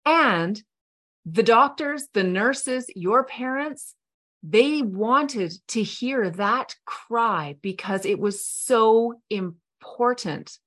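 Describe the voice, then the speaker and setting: A middle-aged woman hosting a podcast, telling a personal story in a heartfelt, earnest way with soft pauses. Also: fairly high pitch, animated. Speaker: podcast host. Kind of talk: reflective storytelling monologue.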